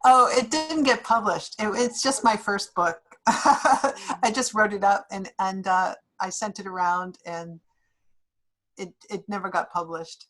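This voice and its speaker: A woman's voice: medium pitch, unhurried, a bit bright, rough recording. A woman author speaking to a class over a video call, reflective, with frequent ums and restarts. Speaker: guest author.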